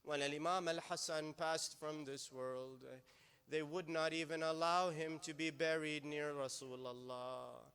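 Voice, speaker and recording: A man preaching a sermon in a mosque, impassioned, swinging between raised and hushed delivery. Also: a little high, fairly even intonation, a little slow, clear, resonant tone.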